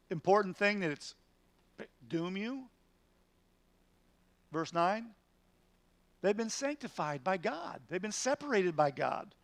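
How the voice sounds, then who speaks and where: A man's voice: sits high, a bit bright, dry recording. A man, a pastor teaching a midweek Bible study in an earnest, emphatic way, asking rhetorical questions as he goes.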